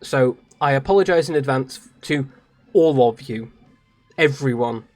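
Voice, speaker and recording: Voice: mid-range voice, measured pace, soft background music. A British streamer chatting casually and self-mockingly during a live game stream, laughing often. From Britain. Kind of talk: live game stream with read-aloud voices.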